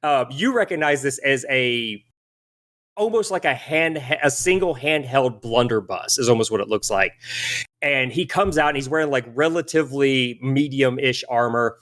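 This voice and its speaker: A man's voice: medium pitch, animated, normal speed, fairly bright tone. A man with a mid-range voice runs a tabletop game as game master. He describes the scene loosely, circling back and restarting his sentences as he goes. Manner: rambling, many restarts and fillers while describing.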